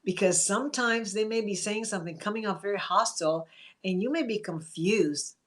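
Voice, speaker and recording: A woman therapist talks through a casual live stream in a coaching, conversational way. Her pitch sits in an ordinary middle range for a woman. She greets viewers by name and acts out calm replies. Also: moderate pace. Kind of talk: live-streamed advice talk.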